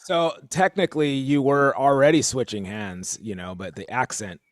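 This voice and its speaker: A man leading an online drum lesson, counting bars out loud and stopping to correct himself when he slips. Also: medium pitch, moderate pace, slight background noise. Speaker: drum teacher leading a group warm-up. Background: drumming.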